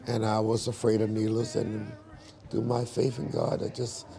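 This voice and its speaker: A man in an interview, telling his life story in a lively storytelling way and acting out the dialogue. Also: lowish voice, moderate pace, gravelly.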